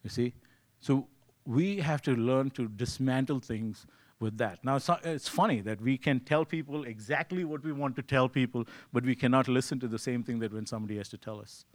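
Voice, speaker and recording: A man's voice: medium pitch, moderate pace. A man preaching a sermon in a conversational way, often asking "you see" and acting out his own thoughts. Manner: acts out his own inner voice in quotes.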